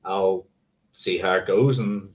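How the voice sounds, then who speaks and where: A man's voice: sits low, fairly even intonation, takes it slowly, dull audio. A man hosting a casual livestream, rambling and correcting himself and swearing offhandedly. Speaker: motorcycling livestream host.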